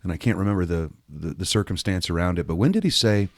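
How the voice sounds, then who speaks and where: A man asking his father questions casually, pausing and searching for his words. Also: sits low, animated, no echo, studio quality. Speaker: son and co-host. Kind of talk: casual conversation.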